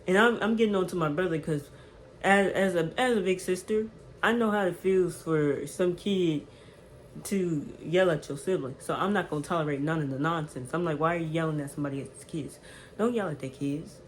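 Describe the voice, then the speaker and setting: A woman around twenty telling a storytime on her vlog, animated and chatty, checking in with "right?" as she goes. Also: fairly low pitch, slight background noise, poor audio. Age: 20s. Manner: animated, repeats "right?" to the viewer. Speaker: vlogger.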